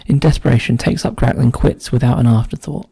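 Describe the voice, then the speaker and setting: A man with a dark, gravelly voice talks himself through a crossword. He often trails into a quiet mutter. The sound is dry and close, with no room echo. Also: medium pitch, fairly even intonation, a little fast. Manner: muses aloud, often drops to a quiet mutter. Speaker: crossword solver. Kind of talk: casual solo puzzle-solving commentary.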